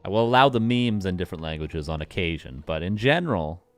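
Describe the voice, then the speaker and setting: A man's voice: deep voice, lively intonation, fast, no room sound. A man casting game replays live, joking and chatting with his viewers as he goes. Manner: joking, playful, chats with viewers. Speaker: caster.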